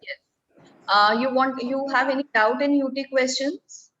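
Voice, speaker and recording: A woman with an Indian English accent teaches a French class over a video call. She explains patiently, one step at a time, in a fairly high voice. The audio is dull and lo-fi, with a faint hiss. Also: steady tone, normal speed, a bit bright. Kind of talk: online classroom lesson.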